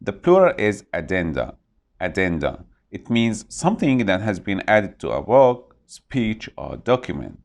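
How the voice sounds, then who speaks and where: Lively low-voiced male English teacher. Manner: repeats each word slowly to model pronunciation. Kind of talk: vocabulary lesson.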